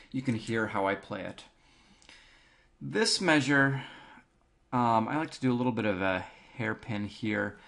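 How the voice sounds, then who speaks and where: A male band teacher calmly walking students through a piece, counting beats aloud with frequent ums. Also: mid-range voice. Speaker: music teacher. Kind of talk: instructional walkthrough.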